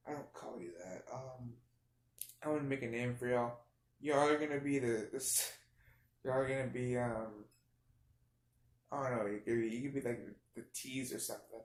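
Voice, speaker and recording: A young man quietly telling a goofy, meandering made-up story as a vlogger, with many restarts and fillers. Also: medium pitch, fairly even intonation, moderate pace, pauses often. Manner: speaks quietly. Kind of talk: rambling improvised storytelling. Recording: roomy echo.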